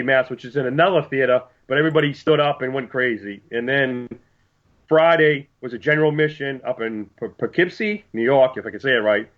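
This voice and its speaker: Man, fairly high voice, animated storyteller, acts out quotes, dull lo-fi sound. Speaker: podcast co-host. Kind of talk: casual chat.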